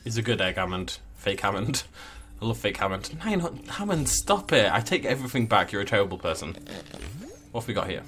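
Male let's player, casual, jokey, theatrical swings in pitch. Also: big pitch swings, a little fast, a bit bright. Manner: playful, jokey, mock-dramatic. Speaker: gameplay commentator. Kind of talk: casual let's play commentary.

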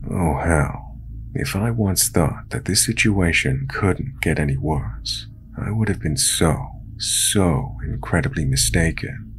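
Deep, gravelly male horror narrator. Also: slow pace, slight background noise.

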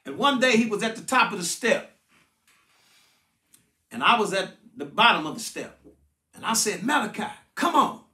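A man's voice: high voice, very animated, moderate pace, long pauses, sharp tone. An older man teaching a sermon-style Bible study as pastor, preaching emphatically and often calling out to his listeners to pay attention. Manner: emphatic preaching with repeated "watch this" and "listen" cues. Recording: roomy echoing sound.

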